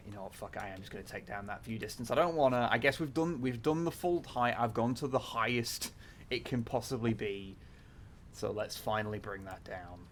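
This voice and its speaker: A livestreamer playing a factory-building game chats casually, his medium-pitched male voice moving fairly quickly over a little hiss or hum. He thinks aloud with plenty of fillers, restarts and offhand swearing.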